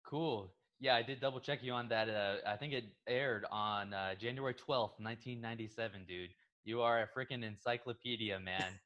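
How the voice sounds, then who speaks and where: A man's voice: on the low side, moderate pace, few pauses, lo-fi sound. A young man co-hosting a podcast in casual chat, friendly and easygoing with his partner. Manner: friendly, calls partner "dude". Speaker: podcast co-host.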